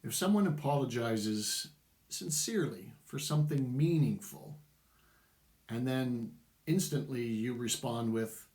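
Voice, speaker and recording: A man's voice: medium pitch, animated, unhurried, darkish tone, echoey room. A middle-aged man giving casual, opinionated commentary to camera, chuckling wryly as he goes. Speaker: vlogger.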